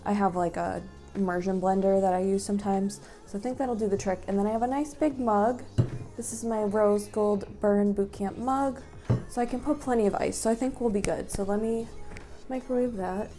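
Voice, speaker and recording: A woman's voice: medium pitch, fairly even intonation, moderate pace, mellow, soft background music. A young woman vlogging at home in a chatty, upbeat way with lots of ums. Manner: upbeat, chatty, filler-heavy. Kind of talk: casual vlog chat.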